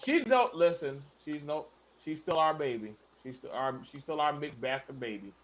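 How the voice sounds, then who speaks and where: A man hosting a casual panel chat, animated and swearing, with bursts of loud emphasis and speech. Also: on the high side, moderate pace, slight background noise. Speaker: show host.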